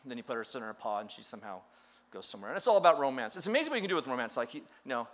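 Animated storytelling male pastor. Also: medium pitch, rapid-fire. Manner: storytelling with playful acted quotes and self-deprecating humor. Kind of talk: sermon.

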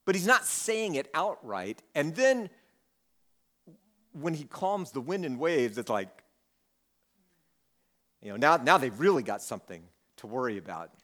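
A man's voice: fairly high pitch, big pitch swings, unhurried, pauses often, a bit bright. A man teaching a Bible passage in a conversational way, reading the text and then acting out the disciples' lines with humor. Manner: conversational, acts out quotes with humor. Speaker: preacher.

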